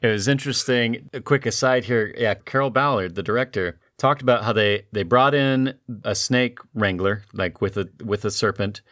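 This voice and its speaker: A man with a fairly low voice co-hosting a film podcast. He tells a behind-the-scenes anecdote in a relaxed storytelling way, briefly playing the people he quotes. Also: normal speed, few pauses, no echo, studio quality. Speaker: podcast co-host. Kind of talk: casual film trivia anecdote.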